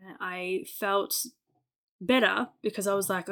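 A woman's voice: medium pitch, moderate pace, fairly bright tone. A young adult woman co-hosting a podcast, chatting candidly, laughing often and acting out what she said before. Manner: candid, laughs often, acts out her own past words. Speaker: podcast co-host. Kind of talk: casual chat.

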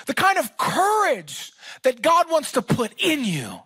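A man preaching a sermon as pastor, talking in a casual, animated way that rises to shouts. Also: very high-pitched, slow pace, no echo.

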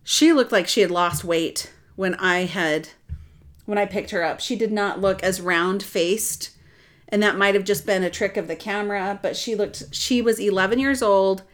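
A middle-aged woman telling a personal story in casual chat, animated and rambling, with restarts. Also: medium pitch, moderate pace. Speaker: adoptive mother telling her story.

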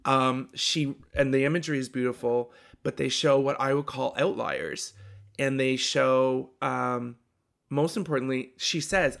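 A man talks casually through a marketing discussion at an ordinary pitch. He thinks aloud, restarts sentences and lands his points with emphasis. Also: fairly even intonation, a little slow, vocal fry, a bit bright. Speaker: podcast co-host. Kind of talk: casual chat about marketing.

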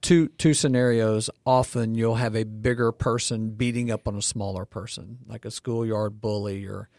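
A man's voice: mid-range voice, a little mellow, no room sound, studio quality. A man co-hosting a podcast discussion, telling stories with frequent restarts. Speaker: co-host.

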